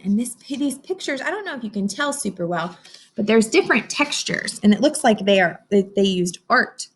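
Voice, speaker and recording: A woman's voice: mid-range voice, very animated, moderate pace, a little hiss or hum. A woman teacher giving a read-aloud phonics lesson to young children, encouraging them and talking to them as if they could answer. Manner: sing-song, encouraging, talks to kids as if they can answer.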